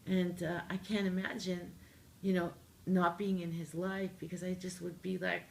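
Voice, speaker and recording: Gravelly-voiced woman telling a funny story. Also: on the low side, normal speed, slight background noise. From Canada. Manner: animated, jokey, acts out her own lines. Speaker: interview guest, singer-songwriter. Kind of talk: casual storytelling interview.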